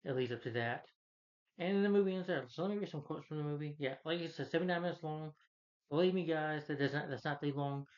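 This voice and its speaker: A man's voice: a little high, fast. A man giving a casual spoken movie review, rambling loosely with fillers and restarts. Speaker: film reviewer. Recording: dull lo-fi recording.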